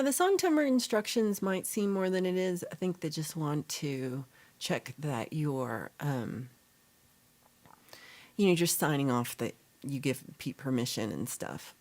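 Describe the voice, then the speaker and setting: A deep-voiced woman with a darkish tone runs a casual livestream chat. She rambles through viewers' comments, reading and replying, with plenty of fillers and self-corrections.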